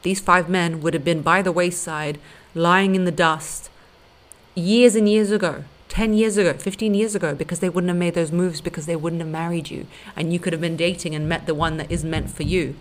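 A woman's voice: on the low side, fairly even intonation, moderate pace. Blunt woman giving dating advice. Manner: blunt, emphatic, lecturing directly to listeners. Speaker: podcast host and dating coach. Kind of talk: relationship advice monologue.

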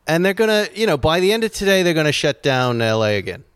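A man's voice: on the high side, very animated, fast, fairly bright tone, clear, resonant tone, no echo, studio quality. A man hosting a podcast, chatting casually and rambling, often laughing at his own jokes. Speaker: podcast host. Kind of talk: casual chat.

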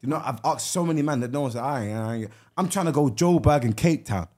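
A young man from England co-hosting a podcast, joking and bantering quickly with friends. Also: on the high side, lively intonation, dark tone. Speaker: podcast co-host.

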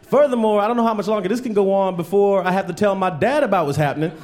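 A man performing a stand-up comedy set on stage, telling stories and mimicking people in animated voices. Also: sits high, fast talker.

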